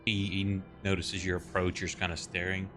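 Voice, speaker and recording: Brief: low, bright-toned male game master, halting delivery, faint music underneath. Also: little pitch movement. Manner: halting narration full of fillers. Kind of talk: narrating a tabletop game.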